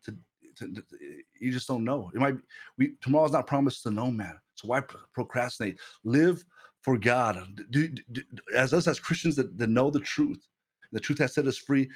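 A man in his thirties preaching casually on a livestream through a headset mic, animated and quick to repeat himself and laugh. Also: mid-range voice, husky. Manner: animated, repeats words and restarts, laughs often. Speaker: streamer preacher.

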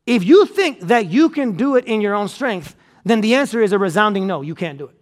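A man's voice: sits high, fairly quick. A man preaching a sermon with energy to a congregation, repeating and stressing his points. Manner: energetic, repetitive preaching with restarts and emphatic repeats. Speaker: pastor. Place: church auditorium.

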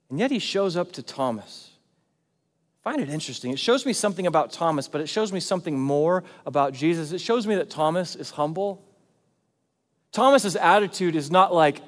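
A man preaching a sermon as pastor, in a conversational, animated way. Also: on the high side, big-room sound. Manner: conversational and animated, acting out quotes.

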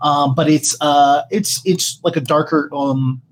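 A woman's voice: sits low, fairly even intonation, a little slow. A woman running a tabletop game as game master, describing scenes hesitantly with lots of fillers.

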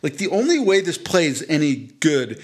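A man's voice: fairly high pitch, sing-song, moderate pace, a little mellow. Rambling storytelling man on a podcast. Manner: rambling, self-deprecating, frequent restarts and fillers. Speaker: podcast co-host. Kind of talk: casual chat, storytelling.

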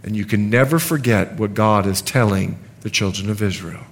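A man's voice: fairly low pitch, moderate pace, few pauses. A middle-aged male pastor preaching a sermon, telling humorous stories and acting out the voices of people in them. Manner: animated, humorous, acts out quoted voices. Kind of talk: sermon with storytelling.

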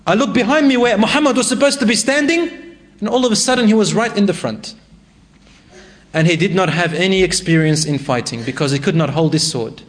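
A man preaching a sermon, reciting Arabic verses and retelling a story with rising emotion. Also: fairly high pitch.

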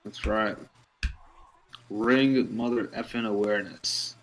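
A man's voice: fairly low pitch, steady tone, slow, slight background noise, rough recording. A man rambling and stammering through casual, profane banter while watching wrestling with friends.

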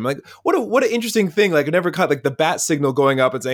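A man speaking as a podcast guest, telling stories in a lively conversational way and acting out the dialogue. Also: a little high, rapid-fire, hardly any pauses. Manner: lively storyteller who acts out dialogue. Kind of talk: conversational storytelling.

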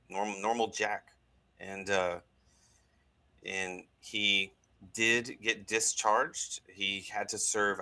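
A man, a guest on a talk show, telling a personal story in an earnest, halting way with many restarts. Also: low voice, sharp tone, poor audio.

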